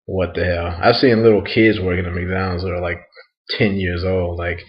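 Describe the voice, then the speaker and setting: A young American man rambles in a loose, crude monologue, a little tipsy after a night out. He laughs often and leans on "like" and "um". His voice sits low, and the lo-fi home recording sounds dull. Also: little pitch movement, moderate pace. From United States.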